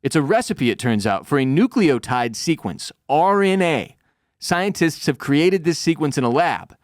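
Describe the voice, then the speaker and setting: A man putting on the voice of a calm, overly polite middle-aged male official, speaking in a soothing, reassuring way while retelling a scene. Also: on the high side, moderate pace, no echo, studio quality. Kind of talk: acted quote in a podcast recap.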